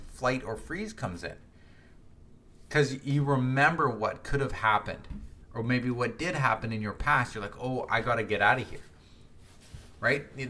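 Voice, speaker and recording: A man's voice: mid-range voice, fairly bright tone. A middle-aged man hosting a solo podcast, speaking in a conversational, reflective way with frequent restarts and tag questions. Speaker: podcast host.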